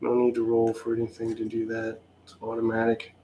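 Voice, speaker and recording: A man's voice: mid-range voice, completely flat delivery, fairly quick, warm tone, a little hiss or hum. A man giving a wry, sarcastic play-by-play of his own solo tabletop wargame, sounding mildly exasperated. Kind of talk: casual play-by-play of a tabletop game.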